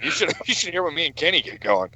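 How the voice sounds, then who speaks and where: A man chats on a podcast with a lively, bouncing delivery and a bright, forward tone. He tells stories animatedly and acts out what others said. His voice sits a little high and is recorded dry and close. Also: fast, breathy edge, no room sound. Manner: animated storyteller who acts out quotes. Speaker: podcast co-host. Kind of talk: casual chat.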